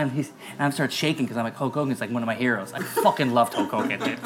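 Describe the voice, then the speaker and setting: A man's voice: mid-range voice, fast talker, a little hiss or hum. A man in his forties telling a wild party story as a podcast guest, swearing freely and laughing through it. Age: 40s. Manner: profane, laughing, animated retelling. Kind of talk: comedic storytelling.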